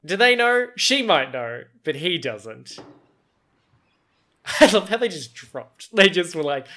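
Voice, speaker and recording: A man's voice: high-pitched, very animated, slow pace, sharp tone. A man with an Australian accent giving casual, laugh-filled movie reaction commentary, swearing freely.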